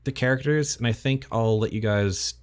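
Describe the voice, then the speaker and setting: A man's voice: medium pitch, moderate pace, smooth. A man acting as game master, chatting casually through character setup for a tabletop game, laughing often and restarting his phrases. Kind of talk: casual chat running a tabletop session.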